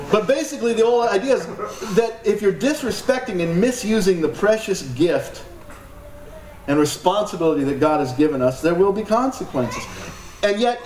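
Joking pastor preaching in an echoey hall. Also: male voice, high-pitched, slight background noise. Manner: joking asides with laughter, emphatic. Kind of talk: sermon. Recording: echoey hall from far off, light ambience.

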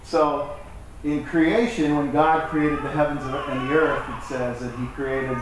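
In a very echoey church hall, a pastor preaches a sermon to his congregation at a measured pace, his voice sitting a little high. He's relaxed, conversational and joking, acting out the voices of people in his stories. He's picked up from far off, with faint room noise behind.

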